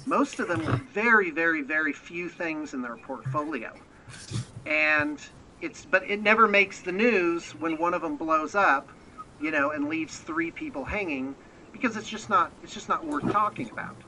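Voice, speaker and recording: A man's voice: a little high, sharp tone, poor audio. An American man, a miniature painting business owner, chatting as a guest on a remote interview and rambling with many restarts. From United States. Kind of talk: casual interview chat.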